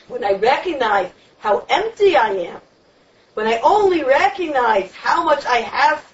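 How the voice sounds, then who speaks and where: A woman teaching a Torah lecture on the weekly portion in an emphatic, repetitive preaching cadence. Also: sits high. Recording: distant, dull lo-fi room recording.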